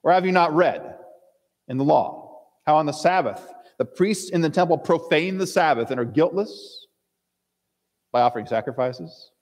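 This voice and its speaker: Male pastor, sermon, somewhat high voice, acts out scripture characters, echoing church hall. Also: animated, moderate pace. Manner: reads scripture aloud with dramatic voices for the characters.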